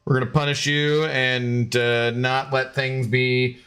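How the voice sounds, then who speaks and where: A man's voice: mid-range voice, little pitch movement, takes it slowly, fairly bright tone. A man chatting casually on a live game stream, scattered and talkative as he sorts out technical issues. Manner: chatty and scattered, baby-talking to his dog.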